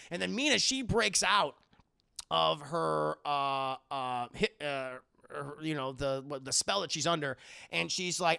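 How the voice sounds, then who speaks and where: Profane gravelly streamer recapping a film. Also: male voice, a little high, a little slow. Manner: profane, animated storytelling. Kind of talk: casual film recap for a live chat.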